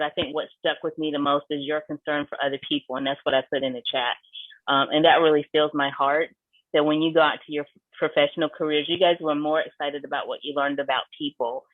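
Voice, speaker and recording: A man's voice: fairly high pitch, dry recording. A man, a faculty member, congratulating students on a video call, full of praise and frequent fillers. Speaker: faculty member giving closing remarks. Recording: dry tinny call audio.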